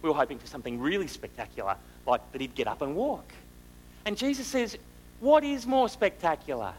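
A man preaching a sermon, asking the listeners rhetorical questions and moving between loud and hushed delivery. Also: mid-range voice, wildly swooping pitch, fast, slight background noise, low-quality recording.

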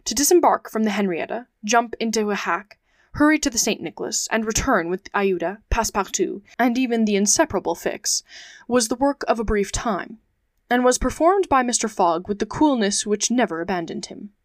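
A woman podcast host narrating a classic adventure novel aloud, reading in measured phrases. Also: fairly high pitch, animated, no room sound, studio quality. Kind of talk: audiobook narration.

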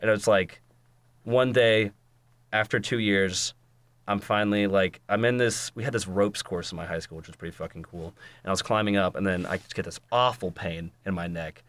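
A man's voice: fairly low pitch, normal speed, a bit bright. A young man, a podcast guest, telling a story in casual chat, swearing freely and acting out what people said. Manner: swearing storyteller, acts out quotes.

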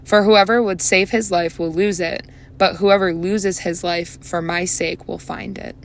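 A young woman talks through her solo faith podcast in an earnest, rambling way, full of "like" and "um." Her voice sits a little low and has a gravelly fry. A faint hum runs under the recording. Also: steady tone, unhurried. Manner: chatty, earnest, lots of "like" and "um". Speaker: podcast host.

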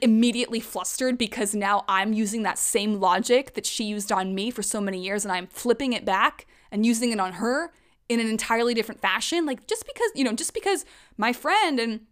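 A woman in her thirties speaks candidly in a personal monologue. Her voice sits a little high. She is open and emotional and drops the odd swear word. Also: fairly bright tone. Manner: emotional, frank, swears casually.

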